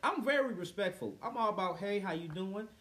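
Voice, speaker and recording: High-voiced young man telling profane stories. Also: fairly quick, a little hiss or hum. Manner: profane, animated storyteller who acts out quotes. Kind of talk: casual chat.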